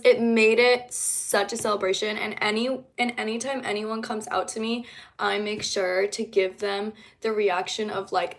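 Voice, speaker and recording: A young woman, a singer-songwriter, chatting casually on a livestream in a rambling way, with many fillers. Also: fairly high pitch.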